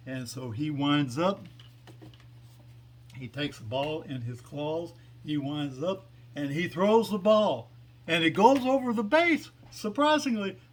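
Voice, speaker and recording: A man casually telling a long shaggy-dog joke, wandering through it with many uhs and restarts. His voice sits somewhat high for a man. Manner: meandering, hesitant, many fillers. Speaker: joke teller. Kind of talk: casual spoken storytelling.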